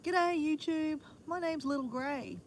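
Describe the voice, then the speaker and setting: A woman voicing a cheeky little hen with an Australian accent, talking slowly in a sing-song way. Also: high voice, slight background noise, pitched above the performer's own voice. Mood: chirpy.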